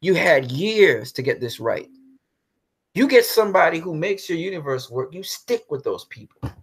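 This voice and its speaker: A man's voice: on the high side, sing-song, normal speed, breathy edge. A man ranting heatedly in a commentary vlog, swearing and then apologizing for cursing. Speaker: commentary vlogger.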